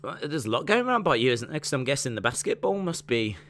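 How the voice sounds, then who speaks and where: A man's voice: medium pitch, sing-song, fast, a bit bright. A man co-hosting a podcast, chatting casually in a playful, teasing way. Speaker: podcast co-host. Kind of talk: casual chat.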